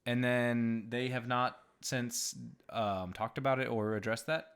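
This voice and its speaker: A man's voice: medium pitch, steady tone, unhurried, a bit bright, clear, resonant tone. A man co-hosting a casual podcast, joking and bantering playfully. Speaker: podcast co-host.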